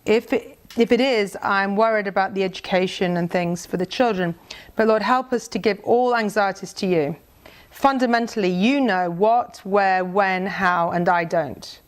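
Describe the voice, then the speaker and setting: A woman's voice: mid-range voice, moderate pace. Earnest middle-aged woman telling a testimony. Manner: conversational, earnest, with many restarts and reading aloud a prayer. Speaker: speaker sharing a mission testimony. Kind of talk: personal testimony talk to a church group.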